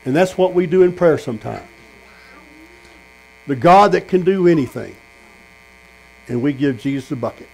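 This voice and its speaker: Fairly high-voiced preacher man. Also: animated, moderate pace, creaky, pauses often, a little mellow, low-quality recording. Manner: storytelling, asks the congregation questions. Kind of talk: sermon. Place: tent meeting.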